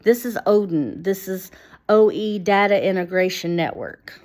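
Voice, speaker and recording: A woman talking to camera in a halting, rambling way, full of fillers and restarts, and reading passages from screenshots aloud. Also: medium pitch, a little mellow. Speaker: vlogger.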